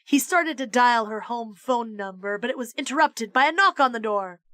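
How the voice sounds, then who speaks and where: A woman streamer reading a children's book aloud, measured and expressive. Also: on the high side, dry recording, studio quality. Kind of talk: storybook read-aloud.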